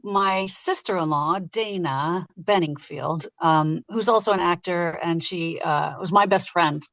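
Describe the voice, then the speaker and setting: A woman who narrates audiobooks, talking casually and lively in an interview and laughing easily. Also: on the low side, dry recording. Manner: lively, chatty, quick to laugh.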